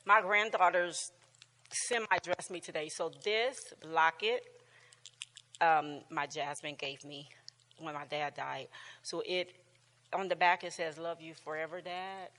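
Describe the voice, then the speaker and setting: Chatty woman in her sixties, bright voice. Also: sits low, steady tone, measured pace, long reverb tail. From United States. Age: 60s. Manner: chatty, laughing often, warm storytelling with many restarts. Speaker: church class teacher. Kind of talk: casual talk to a class. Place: church room with long reverb.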